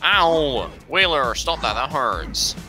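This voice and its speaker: A man chatting playfully while playing a video game with friends, teasing and excitable. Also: a little high, takes it slowly, music in the background. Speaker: game player. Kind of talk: casual gaming chat.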